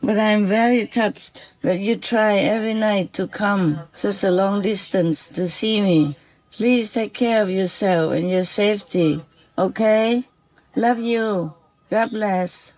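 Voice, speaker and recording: A soft-spoken vlogger who talks gently and affectionately, as in a spoken diary at night. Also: medium pitch, slow, poor audio. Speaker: vlogger speaking to a visiting fox spirit. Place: outdoors at night by a forest.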